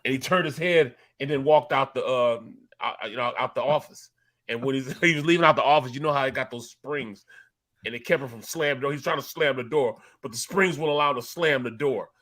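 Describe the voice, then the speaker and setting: A man with a Philadelphia accent tells a story on a sports talk show, voice at an ordinary middle pitch. He gets animated and stumbles over repeated words as he builds up. It is casual, chatty sports talk. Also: fairly quick.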